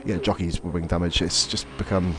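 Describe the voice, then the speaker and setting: A man rattles off quick, excitable race commentary over a sim racing game, his voice low-pitched and chatty. Engine roar and game noise run loud under him throughout. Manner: chatty, excitable, swears, calls co-host mate. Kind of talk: live casual race commentary.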